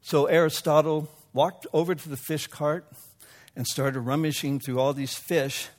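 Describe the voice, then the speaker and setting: Man, preacher, storytelling sermon, slightly high voice. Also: fairly even intonation, a little slow. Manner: storytelling, occasional self-corrections.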